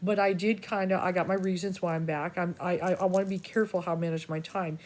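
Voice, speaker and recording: This psychic reader talks fast in a fairly even, lowish voice with a touch of mellowness. Rambling casually to her viewers about personal matters, she swears freely and keeps restarting sentences, her talk scattered and full of asides.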